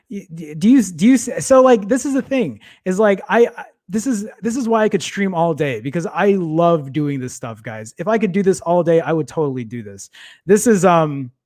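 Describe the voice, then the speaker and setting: Hosting a laid-back tech livestream, a man speaks at a moderate pace in a fairly high, expressive, slightly mellow voice. Struggling with his photos and files, he keeps apologizing, cutting himself off, rambling, and cursing quietly.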